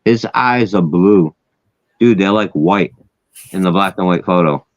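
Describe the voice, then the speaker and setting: Low-voiced and unhurried, a man hosts a casual chat, telling a wild story full of swearing and laughing at his own punchlines. The sound is dull, lo-fi, and dry, with no echo.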